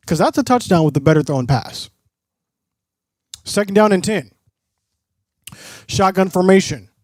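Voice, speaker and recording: A man's voice: high-pitched, animated, unhurried, dry recording, clean studio sound. A man streaming live play-by-play commentary, mixing broadcaster-style calls with casual asides to his chat.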